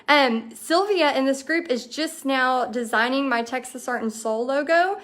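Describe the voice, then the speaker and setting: Woman, thirties, fairly high voice, livestream host, bubbly and enthusiastic, chatty, lots of ums. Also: unhurried, fairly bright tone. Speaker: host of a paint party business livestream. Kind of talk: casual livestream chat answering viewer comments.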